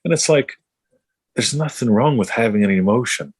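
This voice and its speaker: A middle-aged man, co-hosting a casual chat, blunt and swearing freely as he tells animated stories. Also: mid-range voice, normal speed, breathy edge, no room sound. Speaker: podcast co-host.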